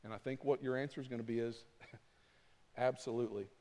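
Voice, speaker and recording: A man preaching a sermon as pastor, animated and acting out his points with rising intensity. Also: medium pitch, moderate pace. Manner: animated, acts out flapping with rising volume. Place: church sanctuary. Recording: long reverb of a church hall.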